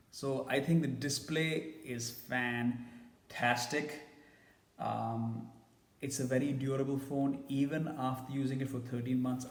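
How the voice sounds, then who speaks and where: Guy doing a casual phone review, mid pitch, roomy echo. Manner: blunt, opinionated. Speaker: tech reviewer.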